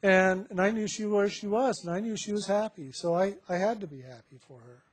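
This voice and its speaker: A man telling a personal spiritual testimony to a group, halting with many fillers and restarts and laughing often. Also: sits high, husky. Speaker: member sharing with a spiritual group.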